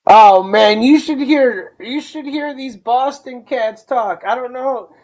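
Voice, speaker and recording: A young man hosts a casual livestream, telling loose, slang-filled stories to his viewers. His voice sits high, and he drags his words out at an unhurried pace. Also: a little mellow, rough recording. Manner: rambling, slangy storytelling. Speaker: livestream host.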